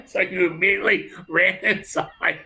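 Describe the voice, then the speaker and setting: Man, co-host, bright tone, slightly high voice, teasing, laughs easily. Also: fairly even intonation, normal speed, creaky. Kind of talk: casual live chat.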